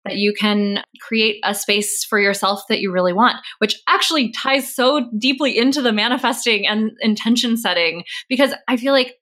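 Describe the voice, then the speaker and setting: A woman's voice: on the high side, moderate pace, hardly any pauses, fairly bright tone. A woman guest on a podcast speaking earnestly and reflectively about intentions and the power of words. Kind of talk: casual interview talk.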